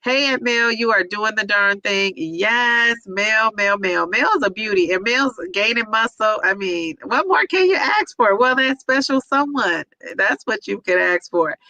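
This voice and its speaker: A woman's voice: mid-range voice, measured pace, hardly any pauses, sharp tone, no room sound, rough recording. A woman hosting a casual livestream, reading viewers' comments aloud and cheering each of them on by name.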